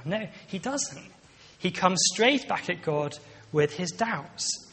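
Male preacher, casual conversational sermon, voice a touch high, echoing through a big hall. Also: lively intonation, slow pace, bright, forceful tone. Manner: conversational, with many restarts and asides. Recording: long reverb of a large hall.

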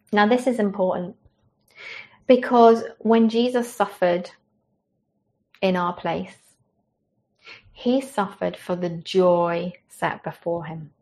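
A woman preacher delivering a sermon in an earnest, gentle, conversational way, ending in prayer. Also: medium pitch.

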